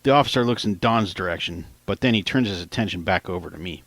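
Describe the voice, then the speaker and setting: A man's voice: sits low, fast talker, a bit bright, no echo. A man narrating his own novel as an audiobook in a plain, casual storytelling manner. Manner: plain, casual storytelling, quotes lines in lightly raised voices.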